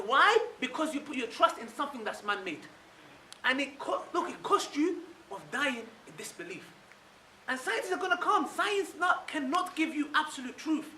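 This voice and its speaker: An Islamic speaker delivers an animated religious lecture to a live audience in a very high voice, firing off rhetorical questions tagged with "yeah?" and checking in with listeners repeatedly. He sounds distant in an echoey room with faint noise.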